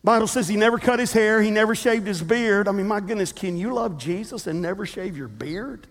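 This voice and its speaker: A man preaching a sermon as a pastor, telling a story in a lively way with humorous asides. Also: high voice, a little fast. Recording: long reverb of a large hall.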